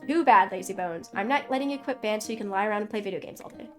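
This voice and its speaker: A woman streamer voicing a pushy high-school bandmate in a story game, in a bossy, teasing tone close to her own voice. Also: fast talker, fairly bright tone, faint music behind, natural voice.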